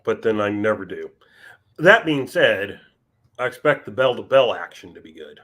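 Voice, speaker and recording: A man co-hosting a podcast in casual chat, talking in a measured, wry and dryly sarcastic way. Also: lowish voice, lively intonation. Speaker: podcast co-host.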